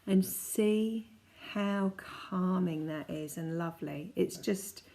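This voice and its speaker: A woman in her forties, a kinesiology practitioner, chatting casually as she guides listeners through calming exercises step by step. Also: on the low side, takes it slowly. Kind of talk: casual self-help teaching.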